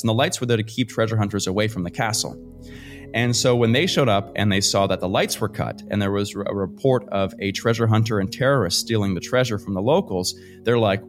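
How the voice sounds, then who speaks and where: A man from Canada, a podcast guest, telling a story in a lively, casual way with fillers and casual swearing. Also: on the low side. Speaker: guest adventurer. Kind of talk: animated storytelling.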